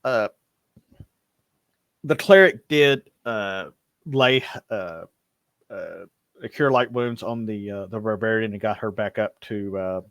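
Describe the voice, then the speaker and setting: A man's voice: fairly low pitch, takes it slowly, long pauses, fairly bright tone, no room sound. A man narrating as game master of a live-streamed tabletop game, loose and rambling with many fillers and restarts.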